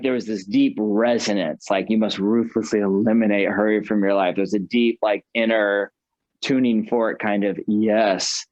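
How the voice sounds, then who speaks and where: An American man, a guest author, talking in a casual interview in an animated, chatty way full of fillers. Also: mid-range voice, no room sound, highs cut off. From United States.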